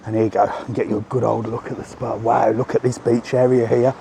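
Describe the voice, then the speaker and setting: This travel vlogger is a middle-aged man with a gravelly, medium-pitched voice that runs a little fast, with a faint hiss or hum on the recording. Chatty and animated, he walks the grounds of a hotel resort outdoors, narrating live to his phone camera and repeatedly saying "look".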